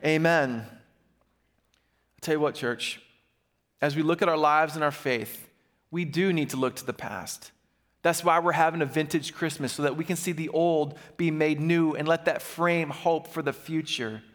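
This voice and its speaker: Man, pastor, sermon delivery, fairly high voice, lively and engaging, church with long reverb. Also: measured pace. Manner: animated, calls for audience response. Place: church sanctuary.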